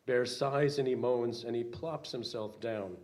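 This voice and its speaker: An older minister reads a children's picture book to his congregation. He speaks at a very slow, unhurried pace with a middling pitch, pausing with little fillers. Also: darkish tone. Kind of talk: reading a children's story aloud.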